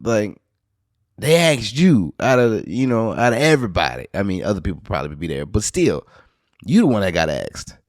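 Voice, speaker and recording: A New Orleans podcast host with a local accent rambles through a profane story in a relaxed monologue, sometimes breaking into high, excited bursts. He talks at a normal speed, and the audio is studio quality with no room sound.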